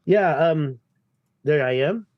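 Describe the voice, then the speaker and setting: A man from the United States talking in a rambling, excitable way as a podcast guest over a video call, swearing casually. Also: a little high, takes it slowly, dry recording, muffled recording.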